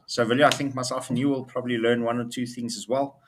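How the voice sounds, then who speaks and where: A man's voice: mid-range voice, level tone, fast, a little hiss or hum. A man co-hosting a casual business chat show, upbeat and talking in loose run-on sentences with fillers. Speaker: co-host.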